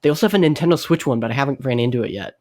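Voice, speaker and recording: A man co-hosting a casual gaming podcast, relaxed and chuckling between points. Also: medium pitch, racing, a crowd in the background. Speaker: podcast co-host.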